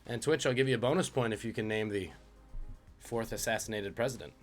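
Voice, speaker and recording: A man's voice: on the low side, fairly quick, faint music behind. A man hosting a live-streamed trivia quiz, reading questions and joking about viewers' guesses. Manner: jokey, reads out questions and chat guesses. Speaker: trivia host.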